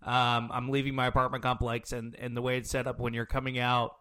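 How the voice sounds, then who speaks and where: Man telling a halting everyday story. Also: medium pitch, completely flat delivery, sharp tone, smooth. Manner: halting, repeats words, laughs lightly. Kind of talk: casual chat.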